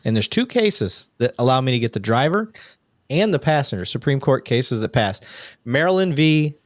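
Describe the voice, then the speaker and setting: A man's voice: mid-range voice, very animated, moderate pace, no room sound, studio quality. A man hosting a live show, a police officer talking casually, with frequent ums and restarts. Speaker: podcast host, police officer. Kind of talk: casual livestream commentary.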